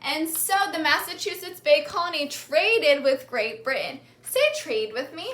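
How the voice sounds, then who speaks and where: A woman teaching a lesson, saying words slowly and clearly and having the class repeat them after her. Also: high-pitched, lively intonation, a bit bright. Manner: slow, clear, repeating key words for learners to echo. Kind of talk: call-and-response classroom lesson.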